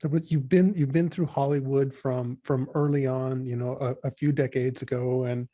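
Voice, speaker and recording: A man's voice: medium pitch, fairly even intonation, normal speed, dark tone. A man co-hosting a casual interview, asking eager, curious questions. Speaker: podcast co-host.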